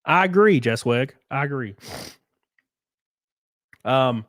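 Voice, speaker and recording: A man hosting a livestream, reading viewer donations and ranting in a profane, excitable way. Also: mid-range voice, takes it slowly, no echo, clean studio sound. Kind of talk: casual livestream chat and rant.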